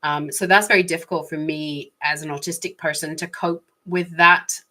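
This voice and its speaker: A woman's voice: low voice, steady tone, moderate pace, bright, forceful tone. A woman talking through personal stories in a casual, reflective monologue, chatty and laughing lightly now and then. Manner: chatty, frequent small laughs, shifting pace. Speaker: vlogger.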